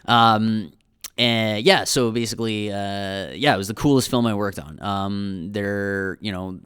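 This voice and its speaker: A man's voice: fairly low pitch, steady tone, measured pace, fairly bright tone, clean tone, no echo, clean studio sound. Rambling young Canadian man telling stories. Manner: rambling storyteller, many fillers and restarts. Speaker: guest, filmmaker. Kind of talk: casual podcast chat.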